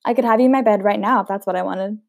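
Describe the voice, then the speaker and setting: A woman's voice: mid-range voice, racing, gravelly, no echo, clean studio sound, natural voice. A woman reading aloud, voicing a scruffy, wiry young man who is a blunt, teasing ex-prisoner in a storybook.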